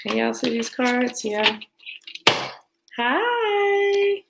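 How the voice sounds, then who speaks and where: A woman's voice: medium pitch, steady tone, normal speed, very noisy. American woman, tarot host, casual chat with viewers, easy laughs, audible clicks under the voice. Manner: chatty, warm greetings to viewers, laughs often. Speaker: tarot reader hosting a live stream. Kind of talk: casual live-stream chat.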